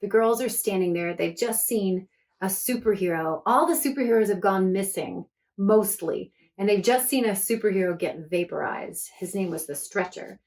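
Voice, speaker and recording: A woman's voice: medium pitch, normal speed, a little mellow. A woman author reading her book aloud to children, chatty and enthusiastic between passages.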